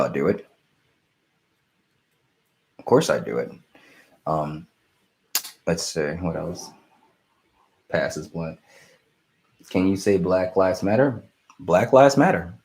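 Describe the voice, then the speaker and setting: A young man chats through viewer questions on his live stream, relaxed and rambling, with many fillers and restarts. His voice sits low and sounds gravelly.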